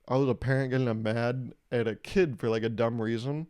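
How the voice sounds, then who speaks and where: Animated young man telling stories. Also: mid-range voice, brisk, few pauses, smooth. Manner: animated, acts out quotes in raised voices. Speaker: podcast host. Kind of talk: casual comedic storytelling.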